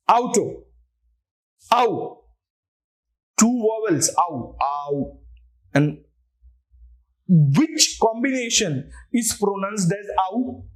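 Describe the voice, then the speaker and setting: Spelling out each word letter by letter with patience, a high-voiced man with an Indian English accent leads an online language class.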